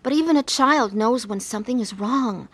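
A woman earnestly narrating her own life story, acting out her scenes with deep emotion. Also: moderate pace, no room sound. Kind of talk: dramatized testimony narration.

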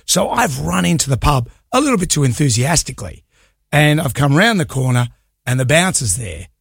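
A middle-aged Australian man co-hosting a radio show, spinning a rambling anecdote in casual banter. His voice is gravelly and a little husky, pitched slightly high for a man. The sound is close and dry. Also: very animated, fairly quick, dry recording. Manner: rambling anecdotal storytelling with laughs. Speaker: radio co-host.

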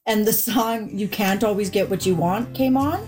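A woman's voice: medium pitch, moderate pace, darkish tone, soft background music. A woman chatting casually with her family about old trips, full of fillers and little laughs. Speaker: interviewee, daughter.

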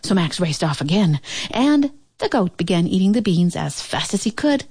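A woman reading a children's picture book aloud with expressive, animated narration. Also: fairly low pitch, moderate pace, husky, no room sound. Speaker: storybook reader. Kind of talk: children's storybook read-aloud.

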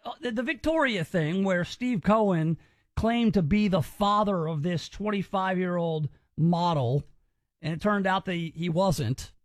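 Male commentary host, higher voice, sarcastic and mocking, dry close sound. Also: unhurried, no room sound. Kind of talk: opinionated commentary.

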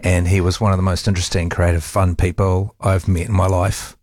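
Deep-voiced man giving a tribute. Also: flat delivery, no room sound, clean studio sound. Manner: halting, with restarts and soft laughs. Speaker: radio host. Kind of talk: heartfelt radio tribute.

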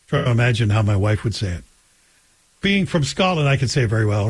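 A man's voice: mid-range voice, sing-song, fast, husky. A middle-aged man hosting a talk radio show, telling stories in a joking, conversational way. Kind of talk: casual monologue.

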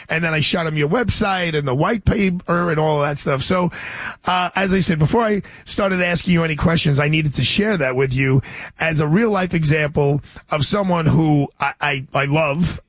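A man's voice: fairly high pitch, breathy edge, no echo. A man in his sixties hosting a radio talk show, telling a rambling story full of restarts and asides.

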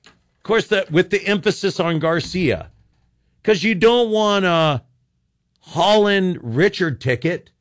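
A man's voice: sits high, lively intonation, slow, no echo, studio quality. An older man, a talk radio host, ranting sarcastically and rambling with frequent restarts.

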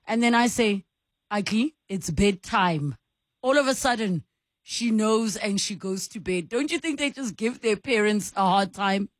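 Radio host: South African woman, chatty, reads messages with quick reactions, dry studio sound. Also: fairly high pitch, no room sound. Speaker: radio talk show host. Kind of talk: radio call-in chat, reading listener messages.

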